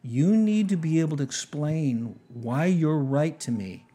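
A man with a mellow, husky voice hosts a podcast and tells a story out loud. He acts out both sides of a conversation with lively energy and restarts his sentences often. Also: fairly high pitch, unhurried. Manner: animated retelling with quoted dialogue, frequent restarts. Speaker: podcast host. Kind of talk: storytelling monologue.

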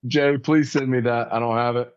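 A man's voice: medium pitch, fairly even intonation, brisk, smooth. A man co-hosting a podcast, needling the others in a joking, playful way. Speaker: podcast co-host. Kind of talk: casual chat. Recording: dull, muffled mic.

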